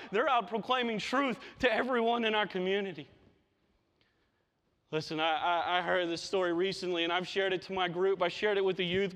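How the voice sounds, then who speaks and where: Pastor guy preaching, high voice, keeps repeating words when he gets fired up, big echoey church. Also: fairly bright tone. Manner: impassioned, repeats words when stressing a point. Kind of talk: sermon. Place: church sanctuary. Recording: long reverb of a hall.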